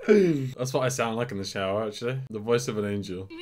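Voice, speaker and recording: A man's voice: on the low side, brisk, a crowd in the background. Joking young man reacting. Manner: joking, laughs often, lively asides. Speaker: reaction video host. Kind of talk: casual reaction commentary.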